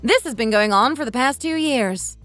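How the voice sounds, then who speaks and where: A woman voicing a fed-up, sharp-tongued daughter-in-law who fires back with sarcastic, cutting remarks, in a dramatized text-story reading. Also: on the high side, animated, normal speed, no echo, faint music behind. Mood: blunt.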